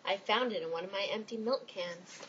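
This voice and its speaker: A woman's voice: mid-range voice, fairly quick, a bit bright, lo-fi sound, a little hiss or hum, lightly acted. A woman voicing a friendly dairy farmer in a plain, matter-of-fact way in a storybook reading.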